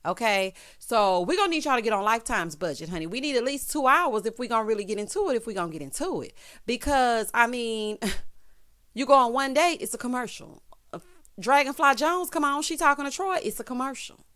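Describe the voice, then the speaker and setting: A woman in her thirties recapping a reality show in a sassy, animated way, tossing in "honey" and "child" as she goes. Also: a little high, a little fast.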